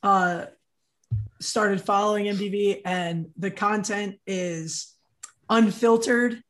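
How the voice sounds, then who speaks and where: Excited man telling a story. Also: sits high, slow. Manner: animated, excited storyteller, says dude. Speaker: podcast co-host. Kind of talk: casual storytelling.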